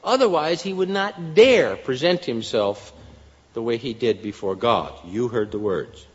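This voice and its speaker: A man's voice: medium pitch, lively intonation, a little slow. A man preaching a sermon in an earnest style, his voice rising for emphasis. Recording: dull lo-fi sound with long hall reverb.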